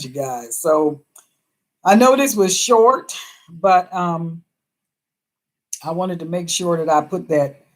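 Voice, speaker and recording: A woman hosting a casual live stream who reads viewer comments aloud, talking in a chatty, emphatic way and laughing often. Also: deep voice. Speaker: livestream host reading viewer comments.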